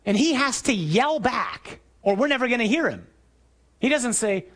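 A man preaching a sermon, telling stories vividly and acting out shouted lines. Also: very high voice, moderate pace. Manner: animated storytelling, acting out shouts.

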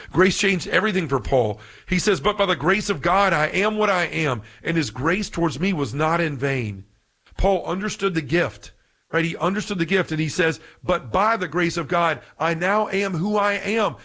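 Fervent man preaching on grace. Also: on the high side. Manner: fervent, emphatic, repeats and restarts when excited. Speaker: podcast speaker on faith. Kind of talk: preaching-style podcast talk.

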